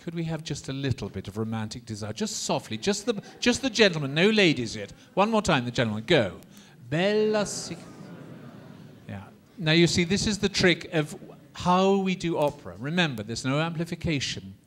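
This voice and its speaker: Guy teaching an opera class, kinda high voice, hams it up and gets everyone to repeat stuff. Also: very animated, fairly quick, hardly any pauses, fairly bright tone. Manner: theatrical, coaxing, sings and demonstrates phrases. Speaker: opera lecturer. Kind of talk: lively classroom lecture with audience participation.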